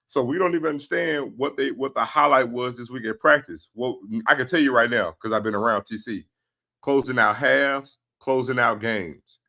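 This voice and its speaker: A man with a bright, sharp tone co-hosts a casual sports talk show. He breaks in to add context and lays out his points in a measured way. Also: medium pitch, creaky.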